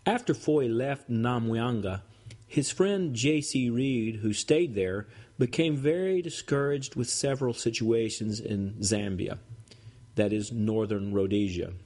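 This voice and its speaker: A man narrates a written history at a steady, measured pace. His voice sits at a middle pitch and he reads quoted letters without acting them out. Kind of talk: scripted narration of church history.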